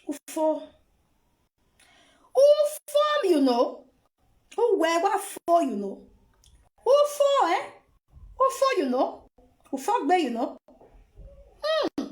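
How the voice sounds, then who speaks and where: A woman's voice: very high-pitched, a little mellow, reverberant. A woman with a Nigerian accent giving dramatic reaction commentary, mocking and wailing in a theatrical way. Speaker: reaction vlogger.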